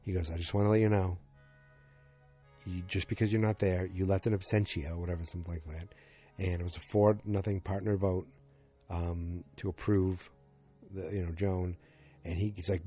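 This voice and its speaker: A man's voice: sits low, little pitch movement, normal speed, mellow, soft background music. A man hosting a fan podcast, recapping an episode in a rambling, casual way and acting out quotes with lots of filler words. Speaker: podcast host.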